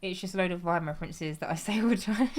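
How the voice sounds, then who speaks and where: A woman's voice: fairly low pitch, lively intonation, a little fast. Giggly woman streamer. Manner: giggly, chatty, rambling. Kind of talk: casual gameplay commentary.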